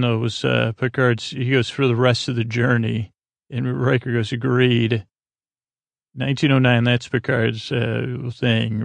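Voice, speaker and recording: Gravelly man rambling through a casual recap. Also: medium pitch, no room sound. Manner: rambling, filler-heavy, paraphrases characters in slang. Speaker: podcast host retelling an episode.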